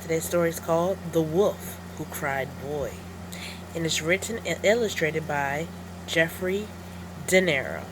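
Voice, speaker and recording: Slow, low-voiced woman reading a storybook. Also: noisy background. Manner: slow, deliberate storytelling delivery. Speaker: teacher reading a picture book aloud. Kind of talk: storybook read-aloud.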